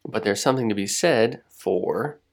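A man co-hosting a podcast, talking in a reflective, rambling way with frequent restarts and soft laughs. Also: fairly low pitch, moderate pace, gravelly. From United States. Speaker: podcast co-host. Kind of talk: reflective casual chat.

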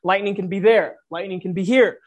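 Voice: mid-range voice, fairly even intonation, a little fast, dull audio. A preacher delivering a reflective sermon, posing rhetorical questions to the listeners.

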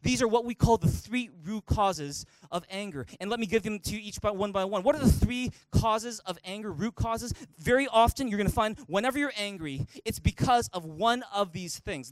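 A pastor preaching with a high, bright voice, recorded close and dry. He talks in an animated way and acts out the voices he quotes. The delivery is a sermon given in a church. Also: no room sound. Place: church auditorium.

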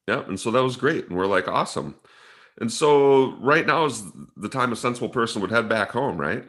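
A man's voice: mid-range voice, animated, fairly quick, fairly bright tone. A man chatting casually with a friend, animatedly retelling a video game session and acting out both sides of the story.

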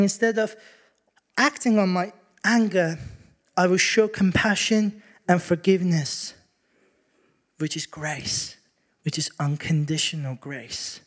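High-voiced man preaching a sermon. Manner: storytelling, animated, acts out quotes.

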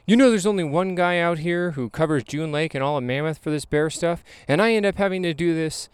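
A man's voice: on the high side, fairly quick, clear, resonant tone, no echo, pitched above the performer's own voice, natural voice. A tense, grumpy young campground host, put on by a man in a raised, strained voice. He rants in short, exasperated bursts. The voice sits well above the man's own. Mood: weary. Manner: terse, exasperated ranting.

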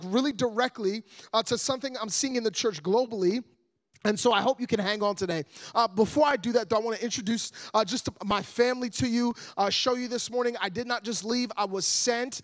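A young man preaches a sermon as a guest evangelist, joking with the congregation before building to loud, energetic preaching. His voice is very high.

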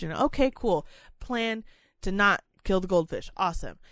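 A woman's voice: mid-range voice, expressive, moderate pace, fairly bright tone, no echo. Angry woman ranting, very dry sound. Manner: angry, swearing, dramatic storytelling. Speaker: podcast co-host telling a story. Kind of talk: casual profane rant.

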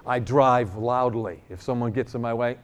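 A mid-range voice at a moderate pace belongs to this middle-aged New Yorker giving a sermon. He tells a healing story with animation and jokes, dramatizing both sides of the exchange.

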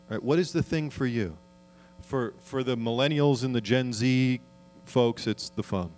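A man preaching a sermon as pastor, earnest and conversational, often asking the congregation questions and slowing down to read scripture. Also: mid-range voice.

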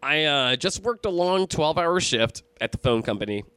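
A man's voice: on the high side, animated, normal speed, pushed and bright, smooth, no echo. Man telling a rambling, profane story. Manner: profane, rambling, with many fillers and restarts. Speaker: storyteller on a podcast. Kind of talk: casual spoken storytelling.

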